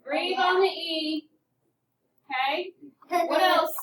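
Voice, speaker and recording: In an echoey classroom captured from a distance, with crowd noise around her, an elementary school teacher leads phonics. Her very high voice moves slowly as she patiently prompts students and names who should answer.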